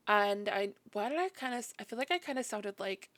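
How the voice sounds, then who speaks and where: A woman's voice: fairly high pitch, fairly quick, hardly any pauses, fairly bright tone. A woman casually narrating a game build in a chatty, self-deprecating voice-over, sleepy and yawning, laughing often.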